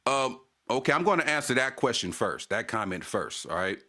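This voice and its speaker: A man's voice: medium pitch, big pitch swings, normal speed, pushed and bright. Casting note: a male stream host in a heated, profane casual rant, repeating his points. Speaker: channel host.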